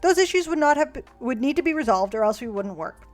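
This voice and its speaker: Young female streamer, high-ish voice, sarcastic and profane; quiet music underneath. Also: animated, fast talker. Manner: sarcastic, swears freely, mocks her past self. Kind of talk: casual chat reading old diary letters aloud. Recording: faint music behind.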